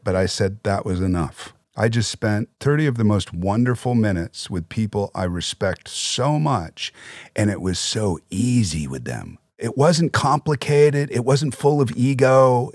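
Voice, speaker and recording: A man talking as a podcast guest, telling animated anecdotes in casual, swearing conversation on a studio mic. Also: on the low side, no echo.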